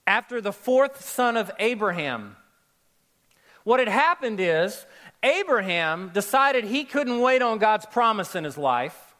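A man preaching a sermon, opening with a lively personal story and speaking straight to his congregation. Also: very high-pitched. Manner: storytelling, animated, addresses crowd directly. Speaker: pastor.

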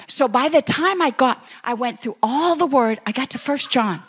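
A middle-aged woman preaching, telling a testimony story and acting out her own excited quotes. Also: sits high, moderate pace, breathy edge. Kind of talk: sermon testimony.

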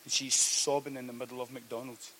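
A man preaching a sermon, telling a story that swings from hushed to loud. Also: medium pitch, level tone, brisk, a little hiss or hum. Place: church hall.

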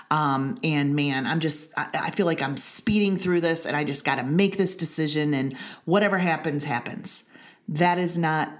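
A woman leading a women's ministry, giving an earnest devotional teaching and repeating key phrases for emphasis. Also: deep voice.

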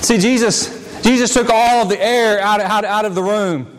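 A male pastor delivers a dramatic sermon, stepping into the scenes he describes as he goes. His voice sits very high for a man. The sound carries the long reverb of a large church hall. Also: fairly even intonation, moderate pace, background noise. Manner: dramatic preaching, acts out scenes. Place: church sanctuary.

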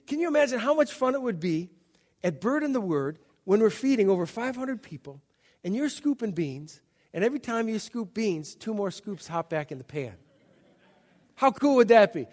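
A man's voice: high voice, darkish tone. A middle-aged male pastor giving a conversational sermon, acting out Bible scenes in little voices.

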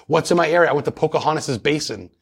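A man's voice: a little high, fast, vocal fry, fairly bright tone, breathy edge. A man talking as a paranormal investigator guest in a casual interview, chatty and rambling with many restarts.

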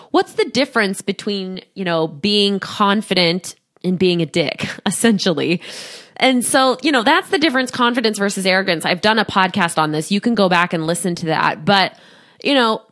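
A woman in her thirties hosting a solo podcast as a coach, talking to a studio microphone, animated, often laughing and acting out quoted voices. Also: mid-range voice.

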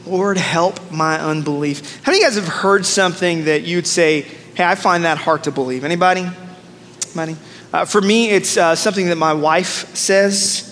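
A male pastor in his thirties delivers an energetic, humorous sermon, calling out to the congregation to repeat after him. His voice sits high for a man. It rings with long reverb through a large church, with faint noise underneath. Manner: energetic, humorous, leads congregation call-and-response.

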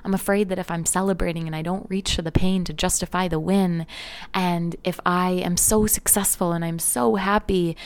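A woman coach telling personal stories in an earnest, reflective way, sometimes dropping into soft whispers. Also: fairly low pitch. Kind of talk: reflective personal storytelling talk.

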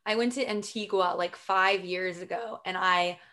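A woman's voice: lowish voice, steady tone, moderate pace, pushed and bright. A woman hosting a podcast interview, enthusiastic and affirming, with many fillers. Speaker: podcast host. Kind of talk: casual interview.

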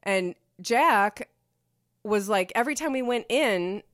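A woman's voice: medium pitch, expressive, slow pace, a bit bright, no echo, clean studio sound. A woman hosting a podcast from home, chatting casually and rambling through a story with lots of fillers. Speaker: podcast host. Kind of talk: casual chat.

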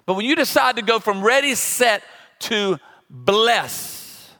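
High-pitched, gravelly-voiced preacher in his forties. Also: slow, sharp tone. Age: 40s. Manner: humorous storytelling with sound effects. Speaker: pastor. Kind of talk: sermon.

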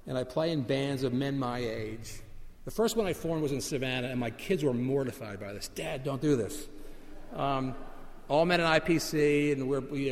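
Middle-aged pastor preaching in a reverberant hall. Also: male voice, mid-range voice, darkish tone. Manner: conversational storytelling, with slow emphatic repeats. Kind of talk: sermon.

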